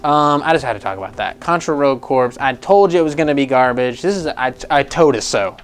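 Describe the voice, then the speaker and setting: A man hosting a casual gaming news show, talking in a profane, animated, rambling way with frequent laughs. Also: medium pitch, brisk, noisy background.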